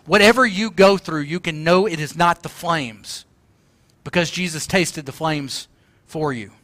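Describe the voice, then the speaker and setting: A man delivers a sermon with passion and emphasis, crying out the lines he quotes. His voice sits high and bright. The sound is dry and close, with no room around it. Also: unhurried, no room sound. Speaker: pastor.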